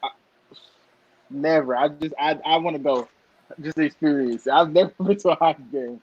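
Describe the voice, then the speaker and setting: A young man from Michigan co-hosting a casual podcast, a lively storyteller who teases playfully. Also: on the high side, normal speed, breathy edge, dry recording. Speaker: podcast co-host. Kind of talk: casual chat. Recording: dull lo-fi podcast audio.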